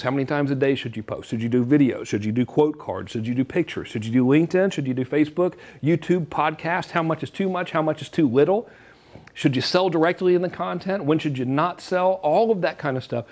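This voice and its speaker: A man's voice: medium pitch, a little mellow. A man giving a joking, salesy marketing talk straight to camera. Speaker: online marketing presenter.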